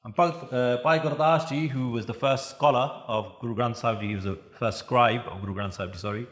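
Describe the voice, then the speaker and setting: A man giving a religious talk at a youth camp, telling stories in an animated way and chanting verses. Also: mid-range voice, fairly quick, reverberant. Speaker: Sikh preacher.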